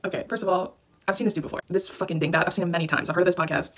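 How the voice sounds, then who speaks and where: Brief: woman creator, sassy profane roast-style rant, rapid delivery, audible background noise on the recording. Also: lowish voice, fairly even intonation. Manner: brash, sassy, laughs often. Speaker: content creator. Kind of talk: profane comedic rant to camera.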